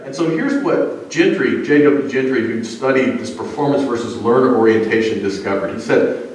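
Brief: male pastor, chatty storytelling sermon with lots of uh's, mid-pitched, distant mic in a very echoey sanctuary. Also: normal speed, hardly any pauses. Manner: conversational, storytelling, frequent uh fillers. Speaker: pastor and college psychology teacher. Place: church sanctuary.

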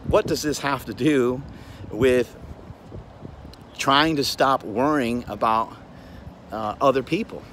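A man's voice: medium pitch, slow, pauses often, fairly bright tone, a little hiss or hum. A man giving a blunt, preachy, profane motivational talk as the host of his own show, recorded on a phone outdoors. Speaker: gym owner and show host. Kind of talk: motivational monologue.

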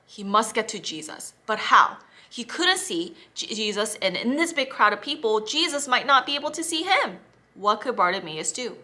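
Bright, expressive woman telling a Bible story. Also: a little high, moderate pace. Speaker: children's church teacher. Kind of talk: children's Bible story reading.

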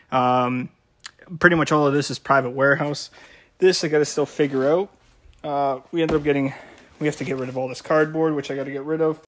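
A man from Canada running a shop, talking casually through a warehouse vlog, rambling with many fillers and little chuckles. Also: a little high. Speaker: shop owner and vlogger. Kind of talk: casual behind-the-scenes vlog. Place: indoor warehouse.

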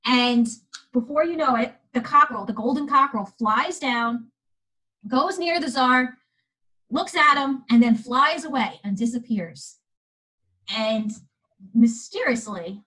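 A woman museum educator retelling a fairy tale to children, in an animated, chatty way, often asking her listeners questions. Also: high voice, unhurried, slightly rough, poor audio. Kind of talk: storytelling lesson for children.

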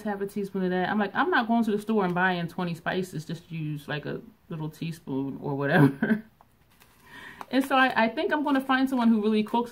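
A middle-aged woman chatting casually through a shopping haul vlog, laughing often and thinking aloud. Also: medium pitch. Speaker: beauty vlogger.

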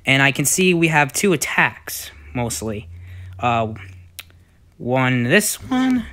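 A man's voice: mid-range voice, slow pace. Rambling young man narrating gameplay. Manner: rambling, many fillers, excitable outbursts. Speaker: gaming YouTuber. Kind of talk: casual gameplay commentary.

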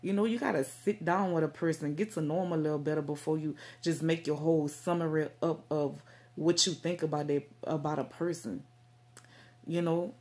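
A woman's voice: low-pitched, fairly even intonation, normal speed, darkish tone. A woman vlogging straight to camera about faith and herself, rambling and stumbling over her words with lots of fillers. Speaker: Christian vlogger. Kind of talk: casual direct-to-camera talk.

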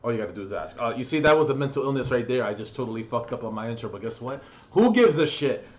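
A male vlogger riffing to camera in a loose, rambling monologue. He swears freely, jokes at his viewers, and swings between loud punchy bursts and quiet mumbled asides. His voice sits at an ordinary middle pitch for a man. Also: expressive, fast talker. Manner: profane, joking, rambling, shifts between loud and hushed. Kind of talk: casual rambling vlog monologue.

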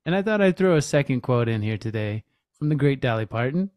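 A man's voice: medium pitch, expressive, a little fast, darkish tone, no echo. A man co-hosting a podcast, chatting easily and reading a show introduction, with frequent laughs. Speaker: podcast co-host. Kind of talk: podcast chat and scripted intro.

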